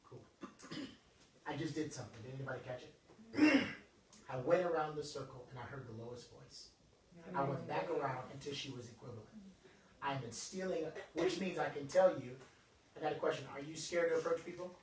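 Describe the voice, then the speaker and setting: Animated man speaking in an echoey room. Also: medium pitch, a little fast, distant mic. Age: adult over twenty-five. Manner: animated, joking, preacher-like delivery. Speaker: motivational speaker. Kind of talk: motivational workshop talk.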